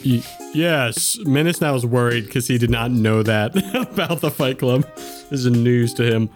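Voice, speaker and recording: A man playing his character in a tabletop game, bubbly and quick to giggle. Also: medium pitch, faint music behind.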